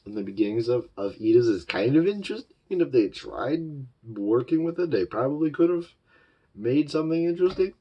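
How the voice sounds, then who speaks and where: Male reviewer, lowish voice, casual rambling delivery. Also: warm tone, husky. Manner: rambling and repetitive, loose fillers. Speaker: show reviewer.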